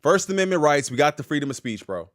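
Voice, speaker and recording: A young man hosting a live reaction stream, talking in a high voice that swings wildly up and down. He speaks casual and slangy, breaking into loud, excited outbursts between quick asides to his chat. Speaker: hip-hop news reaction streamer. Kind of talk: casual live-stream reaction, reading a legal filing aloud.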